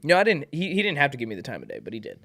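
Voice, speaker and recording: A man's voice: mid-range voice, wildly swooping pitch, racing, a bit bright. A young man guesting on a podcast, chatting casually and rambling, with lots of "like" and acted-out quotes. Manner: rambling, full of "like" and restarts, acts out quotes. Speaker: podcast guest, band member.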